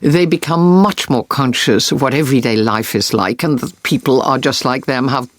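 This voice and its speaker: A woman war correspondent earnestly recounts vivid experiences during an interview. Her voice rumbles low at a normal speed, with no echo.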